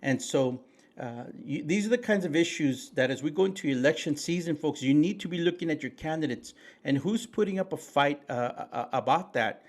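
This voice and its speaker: A man's voice: fairly high pitch, expressive, fairly quick. Man, folksy, preachy, fillers and restarts, co-host chat. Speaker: podcast co-host. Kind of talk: casual political chat.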